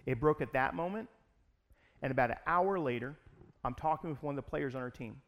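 A pastor telling a personal story in a sermon, in an animated, conversational way. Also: male voice, medium pitch, brisk.

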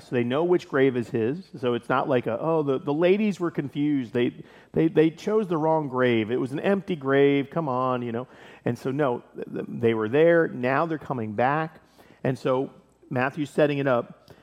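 A man preaching a casual, animated sermon, explaining scripture and acting out the characters with playful voices. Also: medium pitch, big-room sound. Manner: animated, acts out biblical scenes with playful voices and laughs. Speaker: pastor.

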